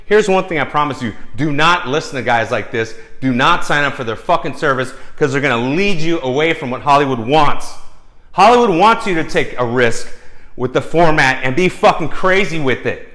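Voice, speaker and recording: Man, heated profane rant, mocking, slightly high voice, keeps saying okay and dude. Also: lively intonation, moderate pace, pushed and bright. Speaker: screenwriter and video host. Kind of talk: angry profane rant to camera.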